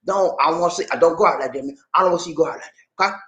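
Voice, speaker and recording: A man putting on a gruff male comedian's voice, warning someone slowly and bluntly. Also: on the high side, pushed and bright, echoey room.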